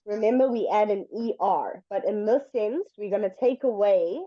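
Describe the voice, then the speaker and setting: A woman's voice: medium pitch, dry recording, highs cut off. A woman teaching an English lesson, speaking patiently and drawing words out to demonstrate them. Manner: patient, slow and deliberate, stretching words to demonstrate. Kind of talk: online language lesson.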